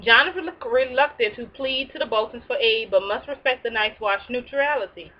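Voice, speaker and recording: A woman's voice: a little high, fairly quick, lo-fi sound. A woman hosting a casual episode recap, reading plot summaries and breaking in with sassy, slangy asides. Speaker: recap show host.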